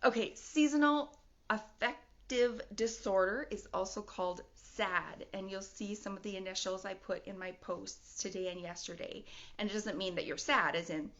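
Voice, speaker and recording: A woman's voice: medium pitch, steady tone, normal speed, bright, forceful tone. Woman, middle-aged, candid vlog talk, rambling, laughs a lot, dull lo-fi sound. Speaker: vlogger. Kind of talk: personal video talk. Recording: dull lo-fi audio.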